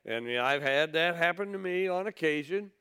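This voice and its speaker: A man's voice: on the high side, animated, fairly quick, pushed and bright, clean tone. A man preaching a sermon, reading scripture aloud and then retelling it in blunt, folksy words.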